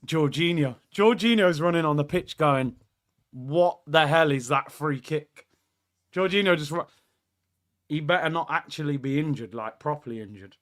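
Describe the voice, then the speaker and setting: A man with a high, bright voice hosting a live football watchalong from an indoor room. He reacts excitedly to every moment of play and reads viewers' messages aloud. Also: moderate pace. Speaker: watchalong host.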